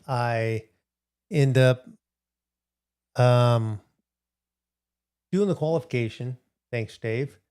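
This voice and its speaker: A man's voice: medium pitch, extremely slow, pauses often, darkish tone, clear, resonant tone. A middle-aged man hosting a casual livestream, rambling through a story and answering viewers in the chat. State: recovering from hip replacement. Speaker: livestream host.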